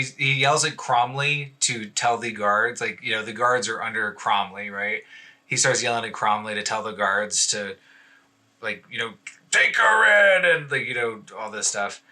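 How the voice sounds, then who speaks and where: Bright-voiced man running a tabletop game. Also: fairly low pitch, steady tone, measured pace. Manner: loose, filler-heavy narration. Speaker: dungeon master.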